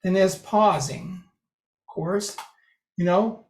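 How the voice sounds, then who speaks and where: Relaxed presenter on a roomy video call. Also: mid-range voice, unhurried. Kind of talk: online group lecture. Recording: roomy echo.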